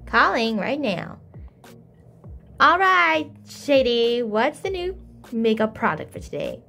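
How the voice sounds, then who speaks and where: A woman's voice: a little high, very animated, measured pace, soft background music. A young woman playing out a toy story, doing every figure herself in shifting voices. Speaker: toy play video maker. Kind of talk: toy role-play with many voices.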